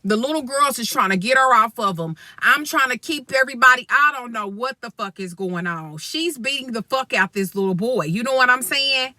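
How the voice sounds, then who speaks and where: A woman's voice: a little high, animated, normal speed, hardly any pauses, bright, forceful tone, no room sound. Blunt profane woman telling a story. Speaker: vlogger. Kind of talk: storytime vlog.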